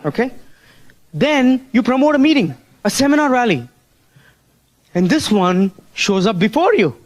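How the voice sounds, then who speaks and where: A man's voice: very high voice, big pitch swings, measured pace. A man giving a motivational business seminar talk, prodding the audience with rhetorical questions and "Hello?" while drawing on a board.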